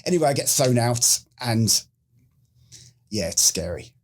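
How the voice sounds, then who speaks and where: Husky British man telling a story. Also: mid-range voice, measured pace. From United Kingdom. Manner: animated storyteller who acts out quoted lines. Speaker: guest, former special forces medic. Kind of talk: casual storytelling interview.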